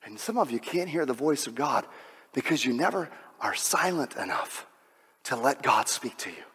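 Man preaching in a church hall, dramatic swings from shouting to whispers, reverberant sound. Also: mid-range voice, big pitch swings, moderate pace, husky. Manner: swings from loud mocking outbursts to soft whispered prayer. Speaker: pastor. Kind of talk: sermon.

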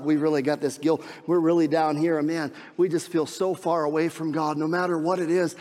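Emphatic pastor preaching in a reverberant hall. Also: male voice, on the high side. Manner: emphatic, repeats key phrases, drops to hushed tones. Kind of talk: Easter sermon. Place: church sanctuary.

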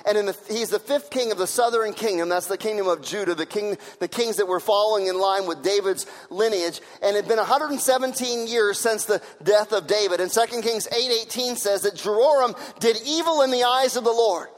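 A man with a notably high voice delivers a sermon, driving his points home through repetition. His words ring out with a long reverb, as if he stands in a large church hall. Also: a little fast, few pauses. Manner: repetitive, emphatic preaching, building to shouts. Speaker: pastor.

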